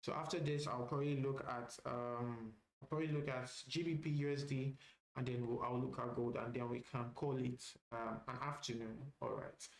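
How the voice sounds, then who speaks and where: A man's voice: mid-range voice, steady tone, moderate pace, gravelly. Echoey man walking through trading charts. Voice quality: frequent "all right" fillers, repeats phrases. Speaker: trading instructor. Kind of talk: live trading walkthrough.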